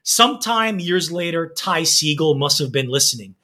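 A man's voice: fairly high pitch, expressive, normal speed, sharp tone. A man co-hosting a music podcast, reading album reviews in a casual, enthusiastic way with frequent laughs.

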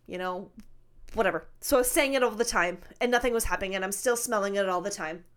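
A woman in her thirties telling a spooky personal story in casual chat, animated, swearing freely and laughing often. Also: medium pitch, fast. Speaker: podcast co-host.

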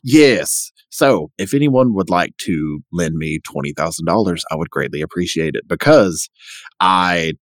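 A man with a very low voice chats on a podcast, upbeat and easygoing. The sound is dry and close, with no room around it. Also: unhurried, dry recording. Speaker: podcast co-host. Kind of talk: casual chat.

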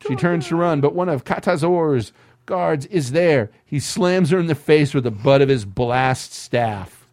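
The clean, dry studio recording captures a man with a fairly high, slightly mellow voice reading at a measured pace. He's a podcast host doing a comedic read-through of a screenplay on his comedy show, tossing in wry asides and frequently laughing at what he reads.

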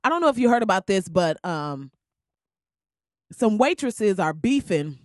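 A woman's voice: medium pitch, unhurried, dry recording, clean studio sound. Laughing, slangy woman podcast host. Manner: loud, laughing, slangy and animated. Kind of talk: casual comedic podcast monologue. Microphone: crackly podcast mic.

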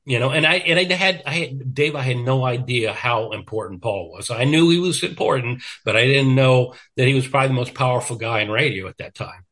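A middle-aged man telling a lively anecdote in a casual interview, laughing often and acting out what people said. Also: mid-range voice, fairly quick, few pauses. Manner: animated storyteller, acts out quotes, laughs often. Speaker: guest. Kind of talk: storytelling interview chat.

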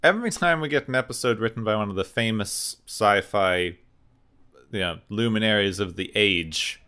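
A man's voice: fairly low pitch, moderate pace, sharp tone, smooth. A man co-hosting a casual podcast, recapping a TV episode in long run-on sentences. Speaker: podcast co-host.

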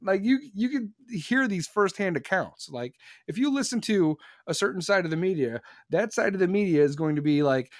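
A man in his forties holds forth on a casual podcast, his voice sitting somewhat high. He rambles and gets worked up, tripping over restarts as he pushes his points. The sound is close and dry. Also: animated, normal speed, hardly any pauses, no echo. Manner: fired-up rambling rant, many restarts. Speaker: podcast host.

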